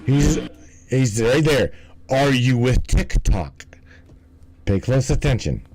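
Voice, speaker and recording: Man, stream host, lively pitch, mellow tone, rambling, swears, stumbles over words. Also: slow, slight background noise, poor audio. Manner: rambling, profane, stumbles and restarts. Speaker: livestream host. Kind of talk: casual commentary.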